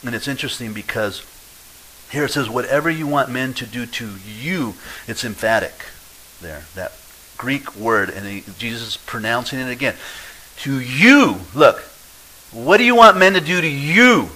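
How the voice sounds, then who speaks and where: A male pastor preaching a sermon, lively and acting out quoted voices, swinging between loud and quiet. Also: mid-range voice, moderate pace, slight background noise, rough recording.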